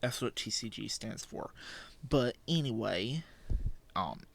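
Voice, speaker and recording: A man's voice: fairly low pitch, animated, takes it slowly, gravelly, a bit bright, slight background noise. A teenage boy talking casually through a drawing session, rambling and self-deprecating, with lots of fillers and little laughs. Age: teens. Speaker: channel host. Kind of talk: casual drawing vlog commentary. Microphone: desk microphone.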